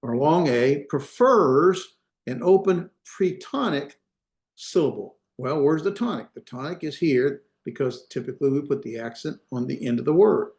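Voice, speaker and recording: During an online class lecture on a video call, a Hebrew instructor speaks through his computer mic at normal speed. His voice is a little high and a little mellow with lively intonation, the room is echoey, and he explains step by step while frequently using fillers and restarting.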